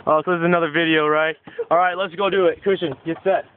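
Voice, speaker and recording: A young man casually filming and narrating backyard football takes, joking and excited, outdoors by a house. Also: on the high side, fast talker, a crowd in the background. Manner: excitable, joking, announces each take. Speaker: quarterback filming backyard football with his cousin. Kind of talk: casual home video commentary. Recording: tinny lo-fi camera audio with faint hiss.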